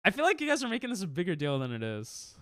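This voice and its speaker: A man's voice: high-pitched, wildly swooping pitch, quick pace, a bit bright, dry recording, studio quality. A male streamer in casual chat with his viewers, defensive and laughing, rambling with restarts.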